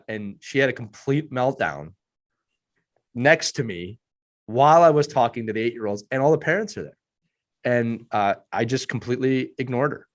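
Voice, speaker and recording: Hoarse man, earnest podcast coach. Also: mid-range voice. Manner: earnest and emphatic, repeats points for stress. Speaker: youth hockey coach and podcast panelist. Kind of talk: podcast panel discussion.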